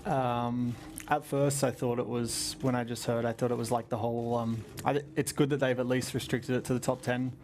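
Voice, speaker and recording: A man's voice: mid-range voice, flat delivery, normal speed, few pauses, a little mellow, a little hiss or hum. An Australian man in his twenties, a racing driver answering press conference questions in a chatty, rambling way with lots of laughter.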